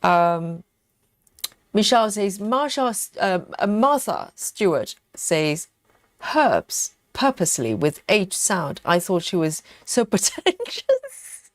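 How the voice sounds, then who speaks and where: A woman's voice: mid-range voice, big pitch swings, slow pace, no room sound. A woman with a British accent hosting a casual live stream, reading viewer comments aloud and musing over them, often breaking into laughter. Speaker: livestream host reading viewer chat. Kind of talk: casual live chat while cross-stitching.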